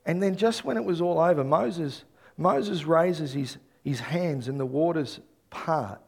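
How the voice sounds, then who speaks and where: A male pastor preaching an animated sermon, telling stories and rising to loud bursts. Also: fairly high pitch, unhurried, creaky, slightly rough.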